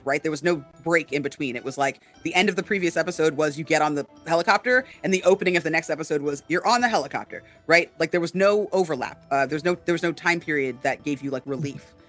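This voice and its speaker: Her deep, slightly bright voice carries a laid-back podcast conversation about tabletop games. As co-host, she fills her speech with fillers and keeps checking in with "right?".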